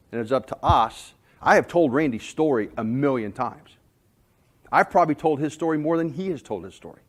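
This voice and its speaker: A man from North Carolina presenting to a sales audience. He talks in a folksy storytelling way, weaving anecdotes into his points. His voice sits at an ordinary middle pitch. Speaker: sales trainer. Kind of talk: conference presentation.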